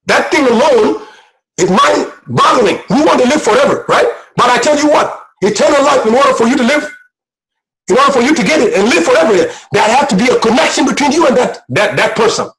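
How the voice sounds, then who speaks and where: A man's voice: very high-pitched, lively intonation, brisk, low-quality recording. A man preaching a sermon as a guest speaker, impassioned and repetitive, at times near tears. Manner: impassioned, repetitive, rising to shouts.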